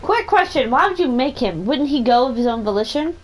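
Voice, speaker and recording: A woman's voice: sits high, animated, fairly quick, slight background noise, poor audio. A young woman teasing and joking playfully during a game playthrough. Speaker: let's play co-player. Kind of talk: casual chat over gameplay.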